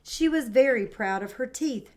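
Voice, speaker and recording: A woman teaching kindergarten and reading a picture book aloud, who models words clearly and praises the children warmly. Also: a little high, lively intonation, normal speed. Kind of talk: read-aloud lesson for young children. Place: home, indoors.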